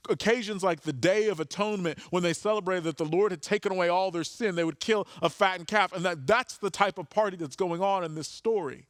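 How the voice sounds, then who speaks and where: A pastor delivering a sermon in a slightly high voice. He talks earnestly, often doubling words as he searches for the right phrase. The sound is close and dry. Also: no room sound.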